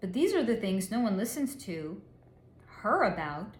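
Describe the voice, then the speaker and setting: A woman's voice: mid-range voice, big pitch swings, unhurried, reverberant. A woman psychic relaying a channeled reading in a blunt, candid way, swearing freely and spelling out crude words. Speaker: psychic reader.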